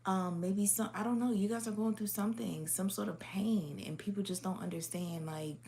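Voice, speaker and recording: A woman's voice: mid-range voice, a little fast, creaky, a little mellow, slight background noise. A woman giving a casual, unscripted spiritual reading straight to her viewers. She is blunt and swears a lot, laughing often between rambling, filler-heavy sentences.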